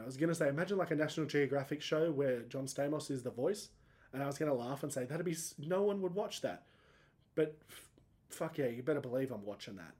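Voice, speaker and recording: A man in his thirties hosts a solo podcast in a mid-range, darkish voice. He rambles and pokes fun at himself, and his voice cracks upward when emotion gets the better of him.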